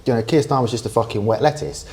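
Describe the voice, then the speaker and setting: A man's voice: medium pitch, fast, darkish tone. A young man, co-hosting a casual podcast, rambling with frequent restarts and swearing. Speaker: podcast co-host. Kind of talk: casual banter.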